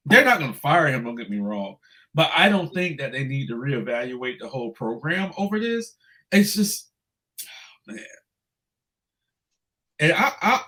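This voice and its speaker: Animated, profane man ranting on sports. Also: fairly high pitch. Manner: animated and profane, ranting loudly when upset. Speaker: podcast co-host. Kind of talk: casual sports podcast chat.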